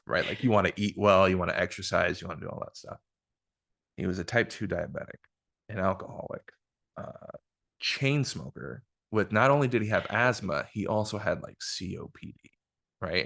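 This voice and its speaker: A man with a low, gravelly voice talks through a personal story on a podcast. He speaks casually and frankly, with plenty of filler words and swearing. He is recorded on one shared mic in a room with his guest. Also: a bit bright. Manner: frank, profane, filler-heavy retelling. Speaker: podcast host. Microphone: single shared microphone.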